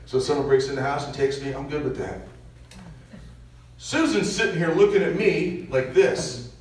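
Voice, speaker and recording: A man's voice: on the high side, normal speed. A man giving a parish mission talk, telling stories and acting out what people said. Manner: animated storyteller acting out quotes. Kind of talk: storytelling talk to a church audience. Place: large church. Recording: echoey church, distant mic, faint hiss.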